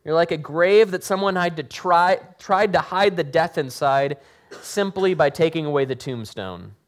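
A pastor giving a sermon, reading scripture dramatically and then explaining it in a casual, joking way. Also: male voice, fairly high pitch, moderate pace.

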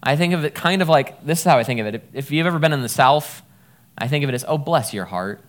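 A man's voice: fairly high pitch, fast talker. A man in his thirties giving a casual, conversational sermon as a pastor, joking at himself when he stumbles over words.

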